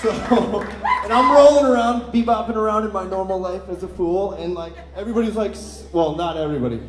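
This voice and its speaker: A man's voice: high-pitched, fairly quick, echoey room, crowd noise. A man performing live, doing self-mocking, joking stage banter between songs and laughing often. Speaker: singer-songwriter performing live.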